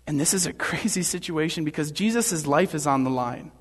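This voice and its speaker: Preacher, male, fairly high voice, earnest sermon delivery, long hall reverb. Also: fairly quick, breathy edge.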